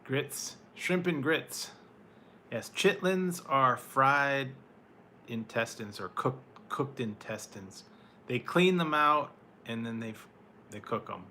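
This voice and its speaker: Fields: Sex: man. Role: food reviewer answering chat. Style: casual rambling live-stream talk. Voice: bright, forward. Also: medium pitch, animated, slow pace, slight background noise. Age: adult, once married. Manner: rambling, with fillers and laughs.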